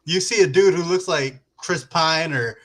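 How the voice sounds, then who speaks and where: A man's voice: on the high side, a little slow, a bit bright. A man co-hosting a podcast, chatting about a movie in a loose, slangy way and laughing often. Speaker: podcast co-host. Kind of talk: casual movie review chat.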